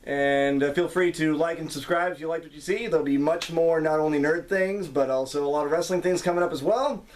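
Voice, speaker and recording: A man's voice: fairly high pitch, a little fast, hardly any pauses, slight background noise. A young man hosting a casual interview, easygoing with teasing asides. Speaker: host.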